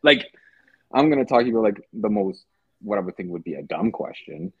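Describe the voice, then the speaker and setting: A man's voice: fairly low pitch, very animated, normal speed, creaky, husky, dry recording. A man from South Africa, a podcast guest, talking casually in loose slang with many restarts and fillers. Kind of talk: casual conversation. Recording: tinny phone-like call audio.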